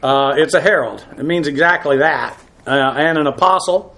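Halting, higher-voiced male Bible teacher. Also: fairly bright tone. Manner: halting, frequent uh fillers; frank, blunt asides. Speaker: pastor. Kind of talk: verse-by-verse Bible lesson.

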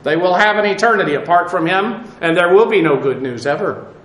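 A Bible teacher works verse by verse through scripture, unpacking Greek grammar step by step and spelling terms out letter by letter with many halting fillers. His slightly high voice is bright, sharp and animated, and the room echoes around him.

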